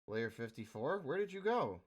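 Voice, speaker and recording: A man's voice: mid-range voice, big pitch swings, normal speed. A young adult man livestreaming, thinking aloud in a rambling casual way as he organizes his work. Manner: rambling, self-talking while organizing.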